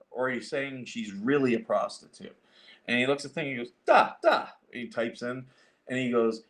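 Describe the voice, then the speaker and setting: A man's voice: mid-range voice, fairly bright tone. A man hosting a casual chat show, telling a rambling story with lots of fillers and restarts. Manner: rambling, many fillers and restarts, acts out quoted voices. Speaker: show host.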